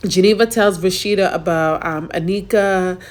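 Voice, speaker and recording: A woman's voice: lowish voice, moderate pace. A woman casually recapping a TV drama episode, acting out the characters' lines and adding exasperated asides. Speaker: TV recap reviewer.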